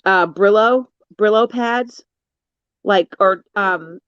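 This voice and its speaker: A co-host in a casual chat, relaxed, giving practical household tips with frequent short agreements. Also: medium pitch, slow pace, clean tone, no echo, lo-fi sound.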